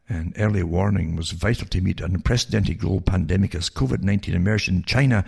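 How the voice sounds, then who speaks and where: An older man with a Scottish accent reads out news stories in a sardonic tone and keeps cutting in with mocking asides. His voice sits very low and is thick with gravelly fry. It sounds rough and husky throughout. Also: a little fast, hardly any pauses, darkish tone. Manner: sardonic, asides like "eh?" and rhetorical questions. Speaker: radio talk show host. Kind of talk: reading news items aloud with sarcastic commentary.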